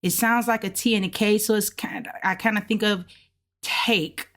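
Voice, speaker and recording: A woman's voice: medium pitch, steady tone. A woman casually walking viewers through practice, speaking patiently and drawing out sounds as she models them. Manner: slow, patient, drawn-out syllables when modeling sounds. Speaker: language learner teaching along. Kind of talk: casual lesson narration.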